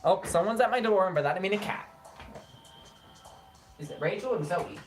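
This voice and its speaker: A young adult woman giving casual let's-play commentary, playful and teasing, swinging fast between moods. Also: medium pitch, lively intonation, faint music behind. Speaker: gaming streamer.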